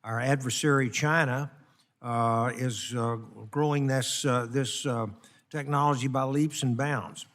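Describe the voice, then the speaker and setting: A man from Texas speaks in support at a committee markup. He is halting and fills pauses often. His voice carries the long reverb of a large hearing room. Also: medium pitch, fairly even intonation, a bit bright. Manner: halting, many fillers. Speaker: committee member. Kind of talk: committee floor remarks.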